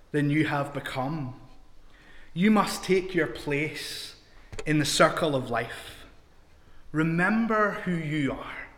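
A man quoting the wise dead lion king father, speaking slowly and solemnly without putting on a full voice. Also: fairly high pitch, fairly bright tone, roomy sound, big-room sound, heavily acted.

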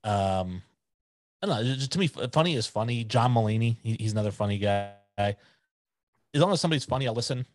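A man's voice: lowish voice, lively intonation, quick pace, no echo. A man in his forties, a podcast guest chatting casually in an easygoing, opinionated way.

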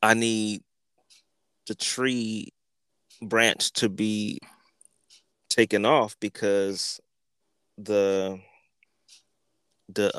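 A man hosting a podcast, telling a comic story in a crude, animated way full of profanity. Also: fairly low pitch, smooth, no room sound. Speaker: podcast host.

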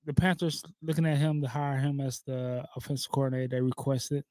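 A man's voice: medium pitch, fairly even intonation, fairly quick, a little mellow, dry recording. A man hosting a sports podcast in casual chat, laid-back and ribbing his co-host.

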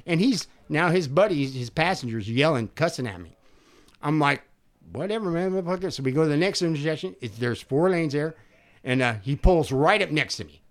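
An older man casually telling a profane, animated story on a podcast, acting out the quotes. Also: a little high, fairly quick.

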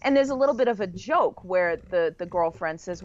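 A woman on a podcast, recapping a movie plot in long, detailed stretches and often slowing down to stress points. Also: on the low side, big pitch swings, dry recording, muffled recording. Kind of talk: casual movie discussion.

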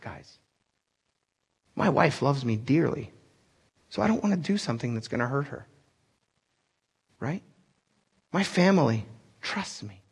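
A male pastor delivers an animated, conversational sermon, often turning to the congregation with direct questions. His voice sits fairly high and carries a husky, breathy texture.

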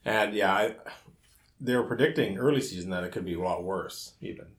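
A plainspoken man chats bluntly on a firefighter podcast. His voice is very deep. The room around him is echoey. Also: brisk. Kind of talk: casual chat.

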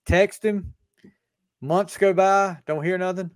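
Excited man telling a sports story. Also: sits high, slow, no echo, clean studio sound. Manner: animated storyteller, acts out quoted dialogue. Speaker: podcast host. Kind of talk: casual sports podcast chat.

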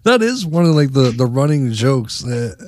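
A man co-hosting a podcast in casual chat, laid-back and quick to laugh. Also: medium pitch, very animated, darkish tone, slight background noise. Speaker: podcast co-host.

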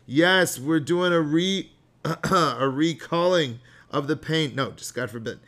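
A man's voice: fairly high pitch, takes it slowly, fairly bright tone. A middle-aged man hosting a podcast as a rabbi, talking in a chatty, jokey, digressive way and sometimes chanting Hebrew prayer lines. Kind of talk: animated podcast sermon.

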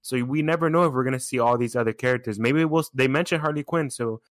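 A man's voice: mid-range voice, fast, no echo, studio quality. Laughing casual male podcast co-host. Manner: excited, laughing, restarts often. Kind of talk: casual chat.

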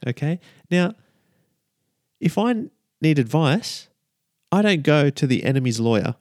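A man preaching a lively, emphatic sermon as a minister, often checking in with the listeners. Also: fairly high pitch, measured pace, no echo, clean studio sound.

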